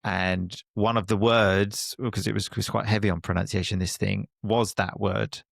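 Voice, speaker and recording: A man from Essex with a softened Essex accent, chatting casually as a guest, laughing often and poking fun at himself. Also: fairly low pitch, level tone, normal speed, creaky, dry recording, clean studio sound. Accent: Essex English, softened. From Essex, England. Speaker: guest, English teacher and podcaster. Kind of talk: casual conversation.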